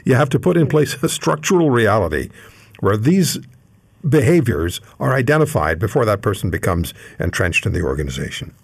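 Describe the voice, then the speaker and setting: Man, interview host, husky, lively pitch, halting and searching for words. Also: dry recording.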